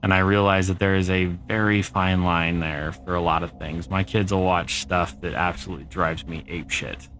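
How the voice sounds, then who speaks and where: A man's voice: low voice, steady tone, normal speed, few pauses, a bit bright. A middle-aged man streaming a game, chatting casually and answering viewer comments as he plays. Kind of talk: casual gameplay chat.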